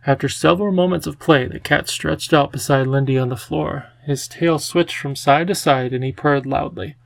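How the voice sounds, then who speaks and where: A man reading a children's storybook aloud in a gentle, even storytelling manner. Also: fairly high pitch, moderate pace, vocal fry, no echo. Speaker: audiobook narrator. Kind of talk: scripted storybook narration.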